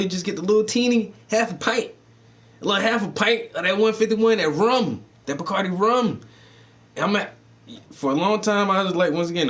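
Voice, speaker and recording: A man telling profane, animated stories in casual chat as a livestream host, breaking into loud, high-pitched outbursts.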